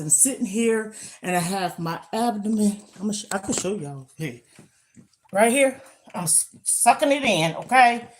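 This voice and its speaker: A woman's voice: fairly low pitch, a little hiss or hum. Older lady chatting on a live stream mid-workout, emphatic, all about motivating ppl. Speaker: lifestyle vlogger. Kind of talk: casual live-stream chat while exercising.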